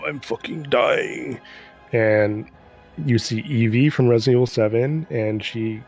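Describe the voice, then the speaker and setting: A man's voice: fairly low pitch, dark tone. A man casually recapping a game's story in a rambling, profane, sarcastic way. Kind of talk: casual chat.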